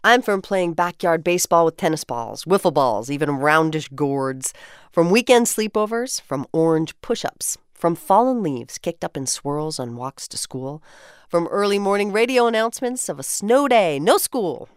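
A woman with a low voice co-hosts a radio show, chatting and reading poetry lines aloud with expressive, upbeat delivery. The sound is dry and close, with no room around it. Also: normal speed, smooth, dry recording. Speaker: radio co-host.

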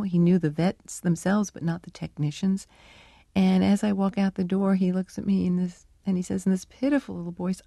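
A woman scientist answers interview questions in a reflective, storytelling way. Her voice is gravelly and mellow, and the recording is dry and close. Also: fairly low pitch, no room sound. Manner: reflective, conversational, with fillers. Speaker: animal cognition researcher, guest.

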